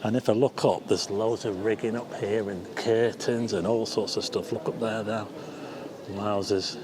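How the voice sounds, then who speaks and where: Excitable man touring a theatre. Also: fairly low pitch, measured pace, a crowd in the background. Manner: excited, exclaiming, chatty asides to viewers. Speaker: vlogger giving a tour. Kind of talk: walking tour commentary. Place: large theatre backstage and stairwells, indoors.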